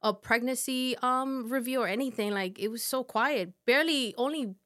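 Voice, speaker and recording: Halting higher-voiced woman guest. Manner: halting, soft storytelling with many fillers. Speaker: podcast guest. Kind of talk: casual conversation.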